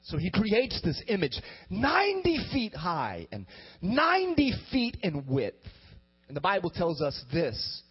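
A man preaching a sermon as a pastor, animated and rising to loud emphatic bursts. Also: high voice, breathy edge. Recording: dull lo-fi sermon recording with faint music.

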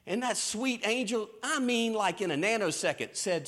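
A man preaching a sermon in a lively storytelling way, with folksy Southern phrasing. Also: high voice, moderate pace. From American South. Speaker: pastor. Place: church stage.

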